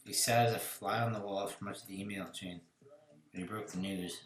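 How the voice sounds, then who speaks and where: A man's voice: low-pitched, steady tone, brisk. Casual joke-telling man, roomy sound. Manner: laughing, swearing, loose storytelling. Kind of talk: casual chat, telling jokes.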